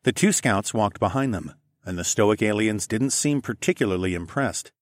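Expressive male audiobook narrator. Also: lowish voice, normal speed, no echo, studio quality. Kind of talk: first-person sci-fi narration.

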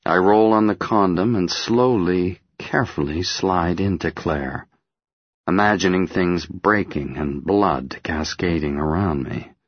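A man narrating an audiobook in the first person, measured and intimate. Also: deep voice, husky, dry recording, muffled recording.

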